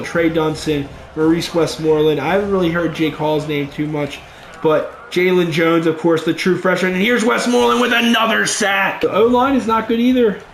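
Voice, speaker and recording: A young man giving let's play commentary over a football video game, muttering low between plays and yelling when big plays happen. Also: fairly even intonation, normal speed, vocal fry, echoey room, slight background noise. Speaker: gaming YouTuber.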